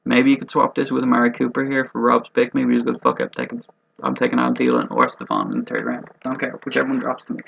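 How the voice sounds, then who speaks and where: A man's voice: medium pitch, vocal fry, background noise. A man hosting casual fantasy football commentary in a joking, rambling and profane way. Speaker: host of a fantasy football mock draft video. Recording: dull lo-fi recording.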